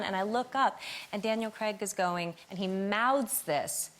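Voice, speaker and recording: A woman in her forties, a chat show guest, telling a rambling, animated story. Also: fairly high pitch, measured pace. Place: TV studio with audience.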